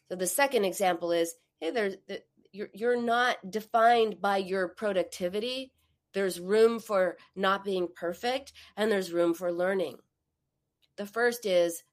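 A woman hosting a podcast, a parent who gives advice in a conversational way and tells stories with lively quoted voices. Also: mid-range voice, a little slow. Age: adult, a parent. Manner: animated storytelling, acts out quoted voices. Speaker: podcast host.

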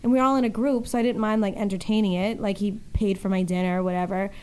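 A woman's voice: medium pitch, fairly even intonation, quick pace, darkish tone, clear, resonant tone. A woman co-hosting a casual chat, teasing and candid.

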